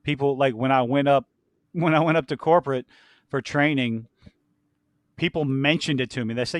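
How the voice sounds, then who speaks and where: A man's voice: medium pitch, fairly even intonation, normal speed, pauses often, dry recording, clean studio sound. A man co-hosting a casual podcast chat, from southern Louisiana, rambling, laughing often and swearing. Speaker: podcast co-host.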